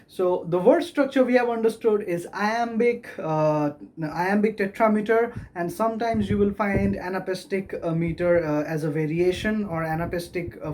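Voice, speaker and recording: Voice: medium pitch, a little mellow, a little hiss or hum. A lecturer giving a recorded video lesson on poetry, patiently explaining and tapping out the stressed beats of verse aloud. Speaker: literature lecturer.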